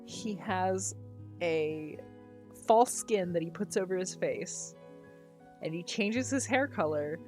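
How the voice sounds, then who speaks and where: This is a woman talking casually on a live stream, at an ordinary pitch. She is enthusiastic and laughs easily. Faint music plays behind her.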